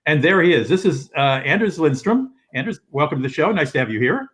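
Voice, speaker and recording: This older host speaks a little high, expressive and brisk as he runs a casual live-stream show from his living room via a video call setup. He rambles, restarting often and leaning on plenty of fillers.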